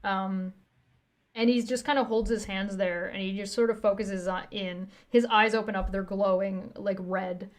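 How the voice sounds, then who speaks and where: A woman's voice: medium pitch, steady tone, moderate pace. Laughing woman game master. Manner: loose, laughing, filler-heavy narration. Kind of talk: narrating a tabletop game.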